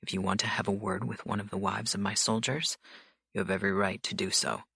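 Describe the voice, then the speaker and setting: A woman voicing a cool, controlled male mafia boss who speaks calmly and evenly. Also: creaky, husky, no room sound, clean studio sound, full character voice. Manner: calm, low, measured delivery.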